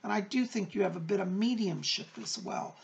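A middle-aged man hosting a psychic advice show, reading viewer letters aloud and answering them in a gentle, reassuring, chatty way. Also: high-pitched, a little fast, creaky, dull audio. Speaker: psychic medium host.

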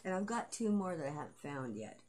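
A woman's voice: low voice, big pitch swings, a little fast, darkish tone, slight background noise. A middle-aged woman vlogging in a rambling, casual monologue, swearing freely and laughing often. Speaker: vlogger and aspiring author.

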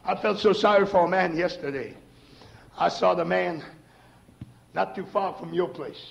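High gravelly preacher in an echoey church. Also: male voice, normal speed, dull audio. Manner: fervent, rising to shouts and dropping low. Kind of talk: sermon. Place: church sanctuary. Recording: echoey 1970s church recording.

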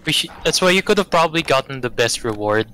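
A man's voice: on the high side, animated, fast talker, bright, forceful tone, slight background noise. A man chatting casually while gaming, giving his teammates instructions and teasing them dryly. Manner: gives instructions, dry teasing. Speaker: gamer.

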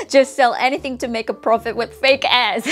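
A woman's voice: fairly high pitch, sing-song, unhurried, soft background music. A young Korean woman with a Korean accent, reacting in a casual vlog with exclamations, laughs and mocking commentary. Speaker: YouTuber.

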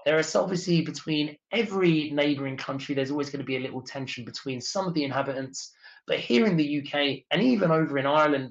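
An English man, a tour leader, giving a chatty, explanatory talk about travel in a webinar. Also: mid-range voice. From England. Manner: chatty and explanatory, with filler uhs. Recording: dull lo-fi sound.

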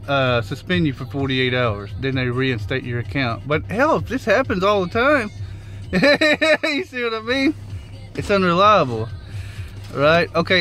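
A man telling a rideshare story in a casual vlog, animated and swearing freely as he acts out the quotes. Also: a little high. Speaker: rideshare driver vlogger.

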